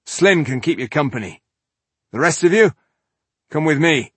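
A man's voice: on the high side, animated, moderate pace, a bit bright, breathy edge, no echo, pitched above the performer's own voice. A man voicing a stern male dwarf leader who gives curt orders. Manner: curt, commanding.

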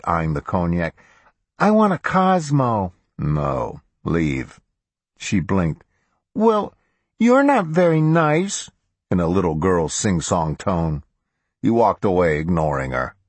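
A man narrating a crime novel as an audiobook in a steady, measured way. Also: rumbling low, slightly rough, no room sound. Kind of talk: scripted narration.

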